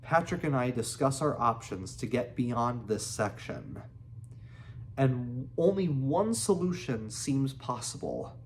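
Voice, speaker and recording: Guy reading a memoir out loud, slow and measured, mid pitch, little bit of hiss. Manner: measured reading, breaking into excited, laughing asides. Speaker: audiobook reader.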